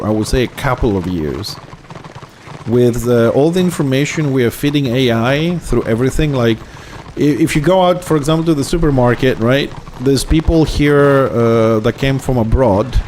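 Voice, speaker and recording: A man's voice: medium pitch, normal speed, darkish tone, slight background noise. A man with a slight lisp streams a game live and talks in English, which is not his first language. His manner is chatty and easygoing, and he stops to explain things to his viewers as he plays. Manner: non-native English speaker. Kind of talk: casual live-stream commentary.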